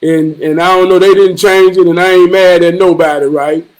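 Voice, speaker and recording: A man telling a family story in a profane, animated storytelling vlog, swearing freely. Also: high voice, normal speed, poor audio. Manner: animated, swearing freely, repeating himself for emphasis. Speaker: vlogger.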